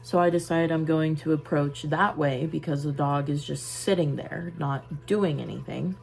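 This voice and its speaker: A young woman telling a personal story in a casual vlog, halting and trailing off into soft asides while busy with a task. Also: low-pitched, creaky, low-quality recording. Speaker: vlogger.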